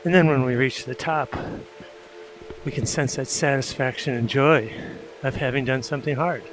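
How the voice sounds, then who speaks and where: A man leading an indoor cycling class, coaching in a calm, reflective way while out of breath from pedaling. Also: medium pitch, moderate pace, noisy background. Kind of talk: guided meditative spin class coaching. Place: indoor cycling room with windows. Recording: instructor over loud background music. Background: loud yoga music.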